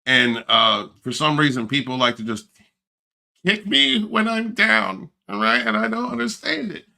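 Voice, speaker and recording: A man's voice: a little high, sing-song, measured pace, gravelly, sharp tone. A middle-aged man hosting a casual livestream, joking, laughing and greeting viewers in the chat. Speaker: livestream host.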